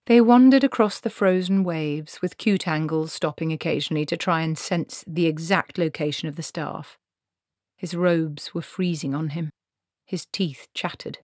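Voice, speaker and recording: Female audiobook narrator, low register, measured and steady, dry recording. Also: no echo. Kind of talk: scripted fantasy narration.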